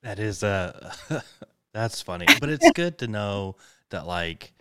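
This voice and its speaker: A man hosting a casual interview, giving relaxed, affirming reactions to his guest. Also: fairly low pitch, slow pace, a little hiss or hum. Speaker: host.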